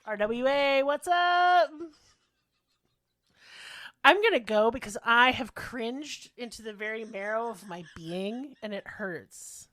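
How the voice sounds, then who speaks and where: A woman's voice: a little high, slow pace, a bit bright, dry recording, studio quality. A woman co-hosting a podcast in casual chat, sassy, profane and self-mocking. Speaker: podcast co-host.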